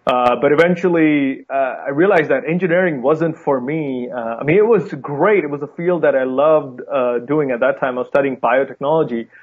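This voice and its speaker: A young Indian-accented man speaks as an interview guest, friendly and eager, with filler words along the way. His voice comes through a thin, phone-like video call line, pitched in an ordinary middle range. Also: normal speed, few pauses. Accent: Indian, softened by time in the U.S. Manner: friendly, enthusiastic, with fillers and light laughs. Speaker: wildlife conservationist guest. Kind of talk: casual interview talk. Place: home room with a guitar behind him.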